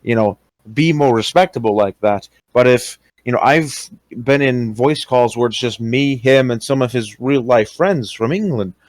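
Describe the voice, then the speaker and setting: This young interviewee, speaking at a middle pitch with a somewhat dark tone, describes past experiences over a relaxed voice call. He hesitates a lot, leaning on fillers and starting sentences over. There's no echo; the audio sounds close and dry.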